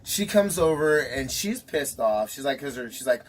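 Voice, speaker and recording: A man's voice: medium pitch, normal speed, few pauses, a little hiss or hum. A man telling a story in casual chat, acting out quotes and laughing often. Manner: animated storyteller, acts out quotes, laughs a lot.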